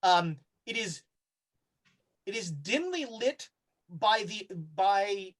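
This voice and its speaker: A man's voice: high-pitched, expressive, slow. A man running a tabletop horror game, narrating scenes casually with many fillers and restarts. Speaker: game master.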